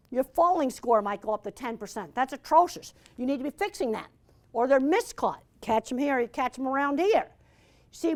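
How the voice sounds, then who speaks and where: An older woman giving a blunt, emphatic lecture with slides, repeating her key points. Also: high-pitched. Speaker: animal science lecturer.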